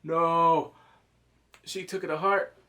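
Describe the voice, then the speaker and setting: A man reviewing a TV episode in a casual, animated way, swearing freely and acting out scenes with quick put-on voices. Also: a little high. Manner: swears casually, slangy and emotional. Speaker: TV show reviewer.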